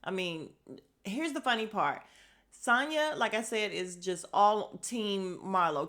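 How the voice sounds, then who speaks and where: A woman's voice: medium pitch, expressive, slow, fairly bright tone. A woman hosting a casual podcast recap, telling the story with lots of animation, acting out quotes and laughing often. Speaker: podcast host. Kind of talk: casual reality-show recap.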